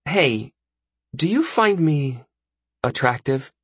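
Playful young woman, hesitant, teasing, high voice, played by a man, husky, dry. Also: lively intonation, slow pace, fairly bright tone, no room sound, full character voice.

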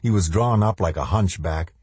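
A man reads a novel aloud in a measured, dramatic way. His voice is very low and dark, with a husky grain. The recording is dry and close, with no room sound. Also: no room sound. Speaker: audiobook narrator. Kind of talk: scripted narration.

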